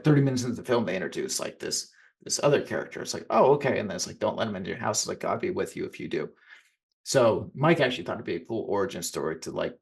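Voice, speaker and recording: A man's voice: on the low side, gravelly, a little mellow. A man co-hosting a casual podcast chat about films, rambling and often restarting his sentences. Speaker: podcast co-host.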